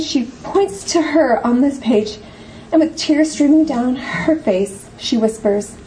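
A woman's voice: high-pitched, warm tone, a little hiss or hum, low-quality recording. A woman giving a heartfelt, earnest speech, telling a personal story with repeated phrases. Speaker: guest speaker.

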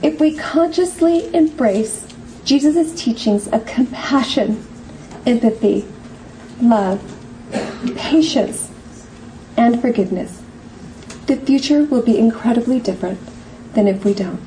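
Earnest high-voiced woman telling a story. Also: lively intonation, unhurried, long pauses, mellow, a little hiss or hum, rough recording. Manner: earnest, heartfelt, with repeated phrases. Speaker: guest speaker. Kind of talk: emotional storytelling speech.

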